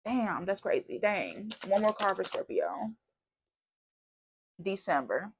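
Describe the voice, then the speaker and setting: A woman's voice: mid-range voice, lively intonation, slow pace, husky. A woman giving a casual tarot reading, chatty and bubbly, wandering off on tangents. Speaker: tarot reader.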